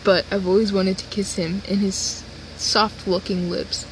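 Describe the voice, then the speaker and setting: A woman voicing a lovestruck young man who loudly and dramatically declares his longing for a kiss. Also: medium pitch, little pitch movement, a little slow, slight background noise, close to an everyday voice, poor audio. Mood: pleading. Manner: loud, overwrought declarations.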